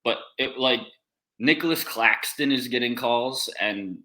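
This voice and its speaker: A man's voice: medium pitch, a little slow, pushed and bright, poor audio. A man co-hosting a sports podcast, talking emphatically in casual chat about a basketball game. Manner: emphatic, complaining about refs. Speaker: podcast co-host.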